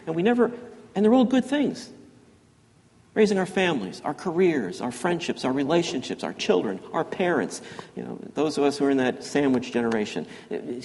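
Man giving a halting homily in a hall. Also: a little high, darkish tone. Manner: halting, repeats words, reads quote slowly. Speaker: priest.

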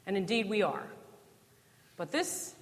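A woman from New Jersey delivers a sermon in a church, her voice carrying a long hall reverb. She talks to the congregation conversationally, posing rhetorical questions and slipping in dry humor. Her pitch sits in a middle range for a woman. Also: lively intonation, a little slow. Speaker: preacher.

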